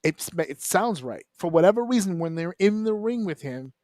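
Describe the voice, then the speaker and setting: A man on a wrestling round-table show, talking casually and bluntly, swearing freely and breaking into quick mimicry of the people he discusses. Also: high voice, no room sound, clean studio sound. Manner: animated, profane, mimics wrestlers in quick asides. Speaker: wrestling podcast panelist.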